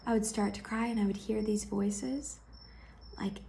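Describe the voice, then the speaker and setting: A woman sharing a heartfelt personal vlog, speaking gently and intimately to the viewer and often dropping into a soft whisper. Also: mid-range voice, steady tone, moderate pace, vocal fry, a little hiss or hum. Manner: affectionate, speaks straight to the viewer.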